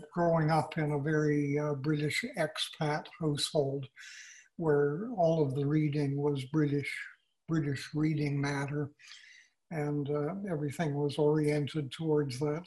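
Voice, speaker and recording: An older man from Canada, answering interview questions in a measured way, often pausing with fillers. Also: on the high side, darkish tone, low-quality recording. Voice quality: measured, halting with many fillers. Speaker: author guest. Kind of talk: casual interview.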